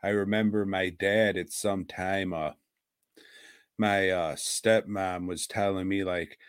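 A man's voice: deep voice, fairly even intonation, takes it slowly, clean tone, no room sound, studio quality. A man co-hosting a casual podcast, talking in a blunt, profane way. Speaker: podcast co-host.

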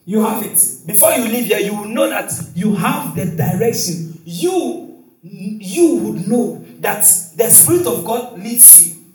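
A male preacher delivering a sermon in call-and-response style, with shouted exclamations and frequent hallelujahs. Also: sits high, animated, a little slow. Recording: echoey hall, distant mic, faint music.

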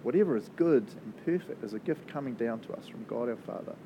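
A man with a New Zealand accent, preaching a sermon and praying in a chatty, animated way that often breaks into laughs. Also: medium pitch, fast talker, muffled recording, slight background noise. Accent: New Zealand English. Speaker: pastor. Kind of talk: sermon with prayer.

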